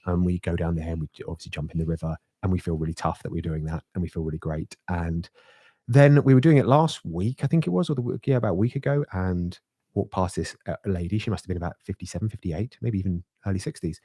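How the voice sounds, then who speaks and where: A middle-aged man, co-hosting a podcast and telling an animated story with laughs and swearing. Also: sits low, fast, husky, no echo, clean studio sound. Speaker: podcast co-host. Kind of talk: casual chat, storytelling.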